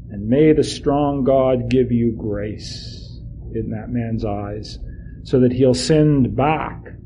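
A man voicing a weary, grieving aged father, speaking quietly and slowly. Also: medium pitch, muffled recording, slight background noise. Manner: quiet, slow and heavy.

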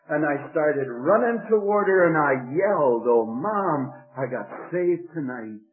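An older man preaching a sermon, telling his own conversion story in an earnest voice that rises and falls. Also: medium pitch. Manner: earnest, rising and falling with emotion. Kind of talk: sermon with personal testimony. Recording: tinny phone-like radio broadcast.

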